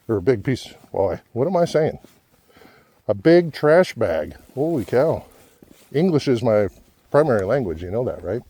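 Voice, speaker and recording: Man, out of breath, mellow voice, chatty hiking vlog, outdoors on a trail. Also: mid-range voice, animated, moderate pace, long pauses. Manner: chatty, self-deprecating. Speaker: vlogger.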